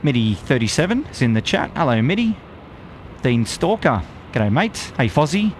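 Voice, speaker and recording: Upbeat Aussie bloke hosting a stream. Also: male voice, medium pitch, sing-song, normal speed, a little hiss or hum. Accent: Australian. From Australia. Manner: upbeat, friendly, lots of "g'day, mate". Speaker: live stream host. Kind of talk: live stream chat shout-outs. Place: outdoors at an airport plane spotting spot.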